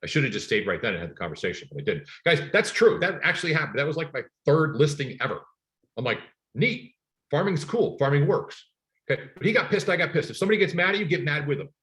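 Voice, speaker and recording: A man teaching a live online real estate sales class in an energetic, emphatic storytelling manner. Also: on the high side, racing.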